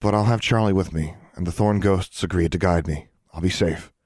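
Male reader doing a soft-spoken, determined young girl, deep voice, barely shifted. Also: brisk, dry recording, studio quality. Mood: earnest. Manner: quiet, soft, earnest.

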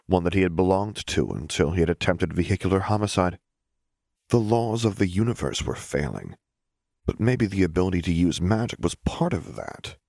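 A man narrating an audiobook in a steady, even storytelling manner. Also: low-pitched, creaky, no room sound, clean studio sound. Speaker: audiobook reader.

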